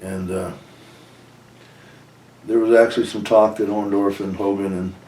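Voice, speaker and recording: A man's voice: on the low side, flat delivery, normal speed, heavy background noise. A man, a former wrestler, bluntly telling an old backstage story in an interview and acting out each argument with plenty of swearing. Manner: blunt, profane, retells arguments in quoted dialogue. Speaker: retired pro wrestler guest. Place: indoor room with a coffee maker. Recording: echoey room, distant mic.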